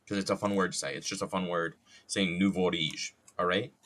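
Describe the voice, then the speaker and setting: A man's voice: low voice, steady tone, a little fast, fairly bright tone. A young adult man streaming casually while wood carving, joking, rambling and swearing freely at his own expense.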